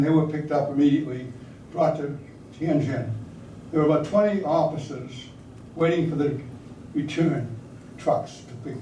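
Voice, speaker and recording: Recounting his wartime service, an older man shares anecdotes conversationally with listeners in a hall or meeting room, now and then putting questions to them. His voice is a little high and mellow, recorded far from the mic in an echoey room with a little hiss or hum.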